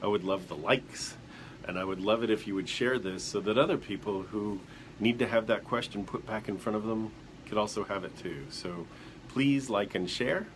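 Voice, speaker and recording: A man's voice: lowish voice, moderate pace, a little hiss or hum. A man hosting a casual motivational live stream who reflects aloud and keeps putting questions to the viewers. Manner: greets viewers by name as they join.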